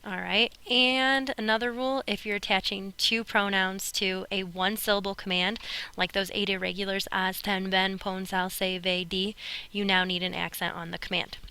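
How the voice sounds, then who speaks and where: A woman records lecture notes for her Spanish class, walking through grammar rules patiently and tossing in playful asides. Her voice is bright and carries a gravelly fry at the ends of phrases, and she sounds like she is talking into a computer mic while she draws. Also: medium pitch, flat delivery, normal speed. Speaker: Spanish teacher.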